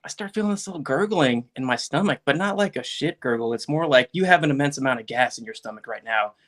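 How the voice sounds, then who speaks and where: Laid-back man in mid pitch. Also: animated, quick pace, fairly bright tone. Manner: laid-back, chuckling, filler-heavy. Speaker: podcast guest. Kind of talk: casual storytelling.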